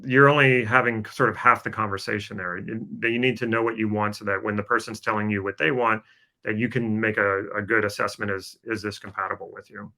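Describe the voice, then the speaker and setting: A man's voice: lowish voice, steady tone, a little fast, gravelly, bright, forceful tone. A man co-hosting a podcast, explaining with a coaching tone and frequent fillers. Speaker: podcast co-host. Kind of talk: casual podcast chat.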